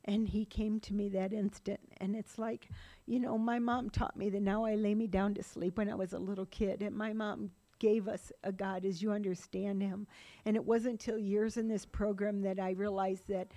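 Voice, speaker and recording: A woman's voice: medium pitch, little pitch movement, normal speed, warm tone. A middle-aged woman sharing her personal recovery story in a rambling, run-on way, with laughing asides. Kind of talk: personal testimony talk.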